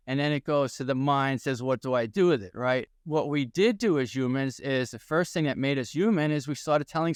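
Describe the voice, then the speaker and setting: Recorded with studio quality and no echo, this clean-toned, mid-range voice belongs to a sixtysomething employment attorney with a New York accent. As a guest in a podcast interview, he energetically tells stories and asks rhetorical questions.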